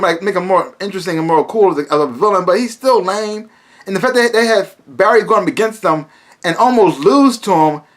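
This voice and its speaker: A man with a high-pitched, fairly bright voice casually reviews a TV episode. He rambles, restarts often, leans on fillers, and breaks into exasperated asides.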